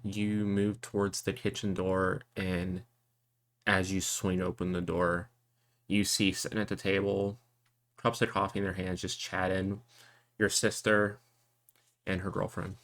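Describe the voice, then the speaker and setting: A man narrating as game master of a tabletop game, telling the scene to the players in a relaxed, second-person way. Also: low-pitched, a little slow.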